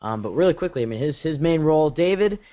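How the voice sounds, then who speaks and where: A man's voice: on the high side, lively intonation, fast talker, highs cut off. A man hosting a casual sports podcast, rambling and stumbling over his words in a jokey way. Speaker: host.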